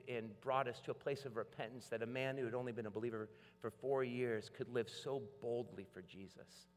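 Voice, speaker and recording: Animated preacher man in reverberant hall. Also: medium pitch. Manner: animated storytelling, acts out voices. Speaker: pastor. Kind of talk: sermon.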